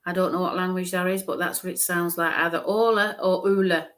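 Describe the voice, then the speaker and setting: A woman's voice: lowish voice, fairly even intonation, brisk, fairly bright tone. A woman medium giving a live-streamed psychic reading, musing aloud, hesitant, repeating sounds and letters.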